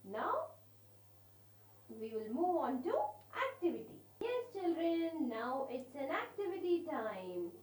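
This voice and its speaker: A woman's voice: sits high, big pitch swings, slow. A young woman, teaching a kindergarten phonics lesson, sounding out letters and asking the children questions. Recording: echoey room.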